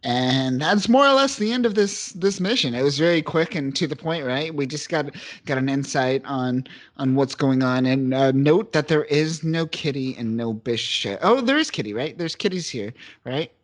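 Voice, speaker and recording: A man's voice: on the high side, lively intonation, normal speed. A man co-hosting a podcast, talking casually and enthusiastically about a comic book, often restarting his sentences. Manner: enthusiastic, rambling with restarts and laughs. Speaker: podcast co-host.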